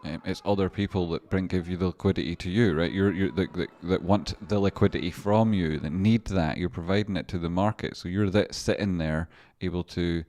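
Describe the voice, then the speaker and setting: Brief: male streamer and trader with a low voice, loose and chatty, swears freely, laughs a lot between points. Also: fairly even intonation, brisk, few pauses, a little mellow. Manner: rambling, swearing, laughs often. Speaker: livestream stock trader. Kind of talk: casual livestream commentary.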